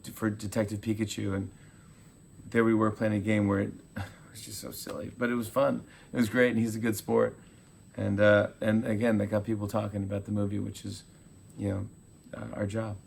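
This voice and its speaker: Gravelly-voiced man telling stories. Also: on the low side, a little fast, a little hiss or hum. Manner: animated storyteller, acts out quotes. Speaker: talk show host, interviewee. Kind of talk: casual interview chat.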